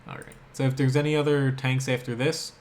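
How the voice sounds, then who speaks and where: A man's voice: medium pitch, level tone, brisk, a little mellow, a little hiss or hum. A man from South Jersey with an American accent, chatting casually as he streams a game live and answers his chat. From South Jersey, USA. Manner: laid-back, chatty, answers chat between plays. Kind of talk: live gameplay commentary.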